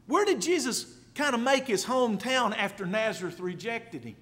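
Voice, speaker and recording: A man's voice: high voice, very animated, brisk, hardly any pauses, a bit bright. A man preaching a sermon, reading scripture aloud and repeating key words for emphasis. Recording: long reverb of a large hall.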